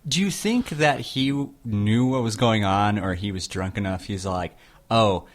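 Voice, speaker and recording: A man's voice: lowish voice, a little slow. A man co-hosting a podcast in casual chat, asking wry questions and adding asides. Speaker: podcast co-host.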